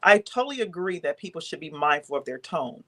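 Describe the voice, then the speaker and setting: A woman's voice: low-pitched, very animated, fairly quick, bright, forceful tone. A woman on a podcast explaining her view firmly, point by point, with rhetorical questions. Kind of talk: casual chat.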